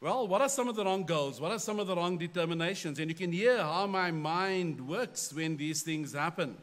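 High-voiced pastor. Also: male voice, normal speed. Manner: animated storyteller, self-deprecating. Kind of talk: storytelling in a sermon.

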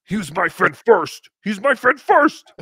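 A man's voice: high-pitched, big pitch swings, a little slow, a bit bright, slightly rough, no echo, clean studio sound, pitched above the performer's own voice, full character voice. A man putting on a Valley Girl impression of a whiny, jealous middle-aged man, petulant and sing-song. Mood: jealous pouting.

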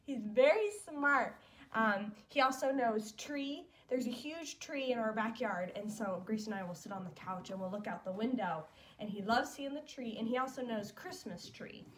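A woman's voice: on the high side, lively intonation, moderate pace, background noise. A young woman vlogging as a mom, chatting fondly and casually with lots of fillers. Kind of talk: casual chat.

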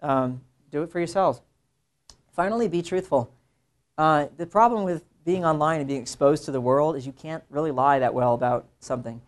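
A young adult man, an illustrator, giving a casual classroom talk to students, conversational and animated, slipping into mimicked voices for quoted asides. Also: on the high side, normal speed.

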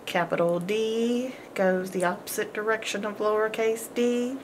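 Patient teacher, woman, slow and deliberate, spells words sound by sound, faint hiss behind. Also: medium pitch, steady tone. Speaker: homeschool teacher. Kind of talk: phonics lesson.

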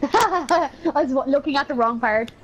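Hoge, luide gamer die juicht en lacht, lichte ruis. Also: female voice, sits high, animated, moderate pace, slight background noise. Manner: loud, cheering, laughing often. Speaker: gamer hosting the video. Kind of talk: casual party chat.

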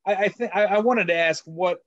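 A man's voice: sits high, a little fast, dry recording, lo-fi sound. Stammering man interviewer, dry sound. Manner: hesitant, stammering questions. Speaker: library interviewer host. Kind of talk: video call interview.

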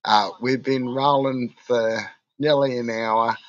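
A drunk Australian man rambles through a casual livestream, cursing at every turn. He talks slowly and drawls his way from one thought to the next. The sound is dry and lo-fi, with no room echo. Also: mid-range voice, fairly even intonation. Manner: rambling and heavily sweary. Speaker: livestream host.

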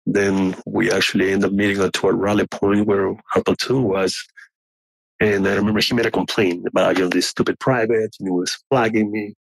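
A man whose first language is not English, earnestly telling his story with halting restarts and frequent throat clearing. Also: low-pitched, flat delivery, dry recording, low-quality recording. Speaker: guest telling an encounter story.

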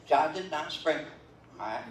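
A man's voice: a little high, animated, normal speed. Man, older, pastor, chatty sermon, reverberant hall, faint background hiss. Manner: conversational preaching with many fillers and check-ins. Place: church sanctuary. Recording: roomy, distant church livestream.

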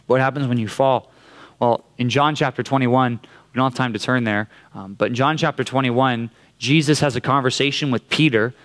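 Male preacher, animated storytelling, acted quotes, youth sermon. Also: medium pitch. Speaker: youth pastor. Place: church youth room.

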